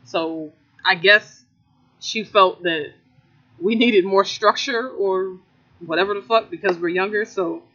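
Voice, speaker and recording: A man's voice: sits high, slow. A young man co-hosting a podcast, telling a workplace story in casual, profane chat and mimicking the people in it. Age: young adult. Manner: profane, animated storytelling with mocking quoted voices. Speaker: podcast co-host. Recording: dull lo-fi recording.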